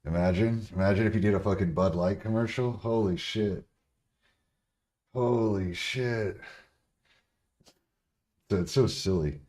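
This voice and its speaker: A man's voice: fairly low pitch, unhurried, long pauses, a little mellow. A young man chatting casually on a livestream, blunt and full of profanity as he answers questions from chat. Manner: profane, blunt, laughs often.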